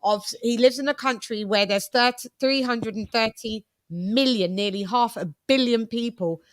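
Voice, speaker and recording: A British woman with a fairly high voice hosts a live boxing chat stream, recorded with clean studio sound and no room noise. She talks casually and chattily, restarting quickly and reading out viewers' super chats.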